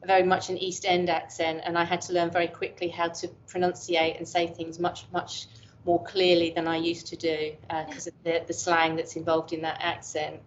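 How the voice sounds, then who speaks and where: An English woman in her fifties, a professor, answers interview questions in a candid, chatty way and teases herself now and then. Her voice sits fairly low. The audio is dull and lo-fi, with a soft hiss behind it. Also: monotone, normal speed. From England. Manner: candid, chatty, self-deprecating. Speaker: professor guest. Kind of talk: reflective casual interview talk.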